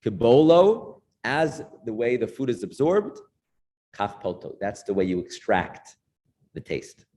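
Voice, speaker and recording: A man's voice: fairly low pitch, animated, a little slow, darkish tone. A middle-aged man with a New York accent giving an informal class as a rabbi, chatty and storytelling, with frequent restarts.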